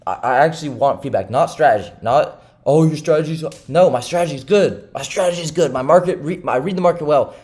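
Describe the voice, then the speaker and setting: A man's voice: fairly high pitch, lively intonation, brisk, a little mellow. A young man vlogging about day trading, rambling and frustrated, repeating questions as he vents. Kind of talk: casual confessional monologue.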